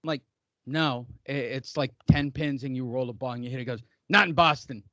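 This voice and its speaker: A man's voice: medium pitch, fairly quick, fairly bright tone, dry recording, lo-fi sound. A middle-aged man hosting a casual podcast, rambling through jokey stories and ribbing his co-hosts. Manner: joking, rambling storyteller. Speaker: podcast host.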